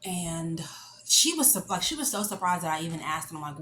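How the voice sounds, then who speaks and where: A woman in her late twenties telling a story in a casual, animated, chatty way, full of fillers. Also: lowish voice, fairly quick, a little hiss or hum. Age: late 20s. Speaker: vlogger. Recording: echoey room with faint ambience.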